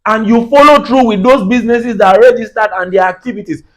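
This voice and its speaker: A man's voice: high voice, fast talker, low-quality recording. A Nigerian man with a Nigerian accent, delivering a heated, preachy comedic rant and laughing at his own jabs.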